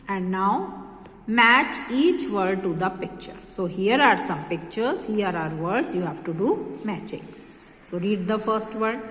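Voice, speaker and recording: A woman, a kindergarten teacher, slowly repeating phonics words for young children. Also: mid-range voice. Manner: slow, drawn-out word repetition, stretching vowels. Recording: echoey room with long reverb.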